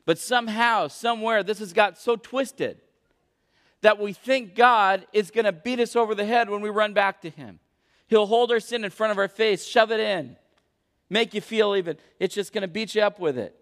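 A man's voice: high voice, normal speed, a bit bright. A young adult man preaching a sermon as a pastor, earnest and emphatic. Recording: echoey hall.

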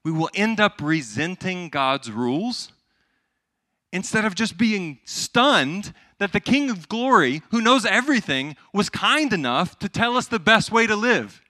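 Man in his twenties or thirties preaching, crisp bright tone, dry recording, lively and emphatic. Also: high voice, measured pace, no echo. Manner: animated and emphatic, swinging between loud and hushed. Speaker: pastor. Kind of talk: sermon.

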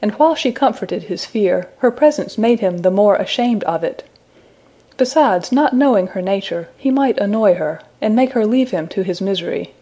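A woman reading a fairy tale aloud as an audiobook narrator, with an even, measured delivery. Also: mid-range voice. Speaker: audiobook reader. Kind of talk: storybook narration.

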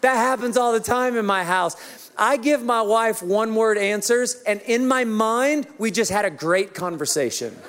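A man's voice: high voice, normal speed, fairly bright tone, clean tone. A man preaching a sermon as pastor, telling self-mocking stories about his marriage with humor.

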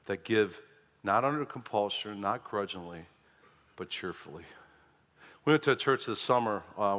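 Bright, animated male pastor preaching. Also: long reverb tail. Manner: animated and playful, bursts of laughter and high exclamations. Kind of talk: sermon. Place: church sanctuary.

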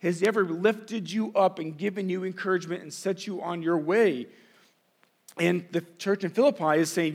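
A man's voice: high-pitched, moderate pace. A middle-aged man, a pastor, preaching a conversational sermon full of rhetorical questions.

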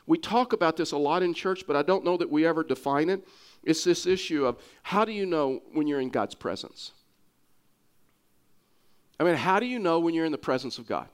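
A man's voice: a little high, lively intonation, fairly quick, smooth. A man with a Texas accent preaching a sermon, earnest, often repeating and restarting words for emphasis.

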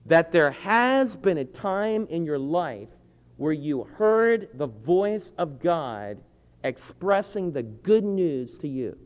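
A man preaching a sermon, earnest and pleading, slowing down to lean on key phrases. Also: fairly high pitch, a little mellow. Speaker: pastor. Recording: dull lo-fi with long hall reverb.

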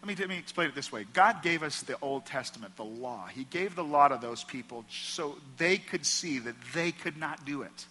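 Bright-voiced pastor preaching in a reverberant church. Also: male voice, fairly high pitch, animated, normal speed, few pauses, slight background noise. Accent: American Midwest. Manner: earnest, conversational preaching with emphatic repetition. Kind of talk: sermon. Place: church auditorium. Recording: long hall reverb from a church.

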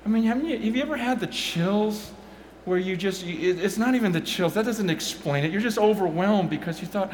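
Excitable man telling stories. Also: sits high, a little fast, reverberant, a little hiss or hum. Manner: excitable, swings from quiet to loud, many repeated words. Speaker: pastor. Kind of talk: animated storytelling talk.

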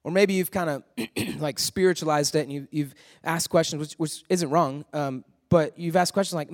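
A man's voice: on the high side, moderate pace, long reverb tail. A man in his thirties giving a conversational youth sermon, telling stories and asking his listeners questions. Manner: conversational, storytelling, asks the crowd questions. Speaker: youth pastor. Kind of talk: sermon to students.

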